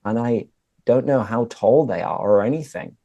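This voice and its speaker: A man's voice: mid-range voice, moderate pace, warm tone, no room sound, dull audio. A British man hosting a casual chat for English learners, upbeat and explaining idioms as he goes. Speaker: host and English teacher.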